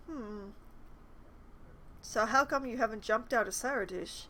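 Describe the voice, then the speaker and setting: Woman, gameplay commentary, chatty, reads dialogue choices aloud, fairly high voice. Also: measured pace, pauses often, a bit bright, a little hiss or hum, poor audio. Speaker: streamer playing a role-playing game.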